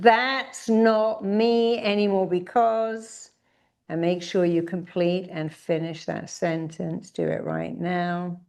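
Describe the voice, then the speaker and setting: A middle-aged woman leading a guided therapy exercise, directing listeners and calling out affirmations slowly and with force. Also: on the low side, vocal fry, mellow. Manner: commanding, drawn-out affirmations called out with emphasis.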